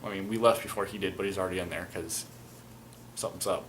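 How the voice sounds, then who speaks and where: A man's voice: deep voice, fairly even intonation, fast, a bit bright, a little hiss or hum. A young man casually recounting a tabletop game, rambling with lots of fillers and crude slang. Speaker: storyteller, fan video maker.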